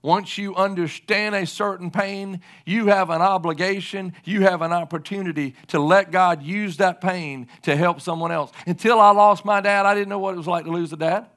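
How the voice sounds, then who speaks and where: Emphatic preaching man, higher-pitched voice. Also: steady tone, normal speed, hardly any pauses, a bit bright. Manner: emphatic, repeats key lines for the congregation. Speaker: pastor. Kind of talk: sermon.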